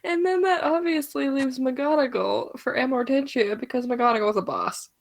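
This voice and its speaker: A woman with a fairly high voice co-hosts a fan podcast. She delivers her lines in a wry, joking manner in relaxed chat. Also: normal speed, gravelly. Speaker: podcast co-host. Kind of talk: casual chat.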